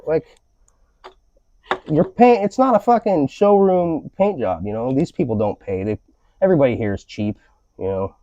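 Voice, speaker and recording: His voice sits on the high side with a dark tone, lively intonation, and brisk pace as he hosts a podcast, ranting casually with plenty of profanity and rambling. The dry, lo-fi recording sounds slightly dull.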